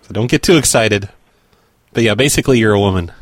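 Deadpan prank-calling man. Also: on the low side, fast talker, breathy edge, dry recording, studio quality. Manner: deadpan, mock-official. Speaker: prank caller. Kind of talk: prank call commentary.

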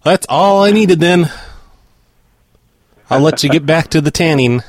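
With a higher-pitched, breathy-edged voice and a measured pace, a man makes prank calls. He impersonates someone from a corporate office in a dry, mock-official tone and talks with his listeners between calls, in prank call commentary.

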